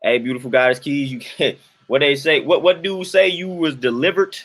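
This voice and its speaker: Animated man chatting on a livestream. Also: on the high side, normal speed. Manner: animated, colloquial, repeats himself for emphasis. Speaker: livestream host reading chat. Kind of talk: casual livestream chat.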